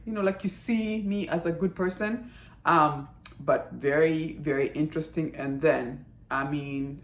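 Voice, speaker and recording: A woman's voice: lowish voice, reverberant. A woman chatting casually through a drama review, acting out the characters' lines as she retells scenes.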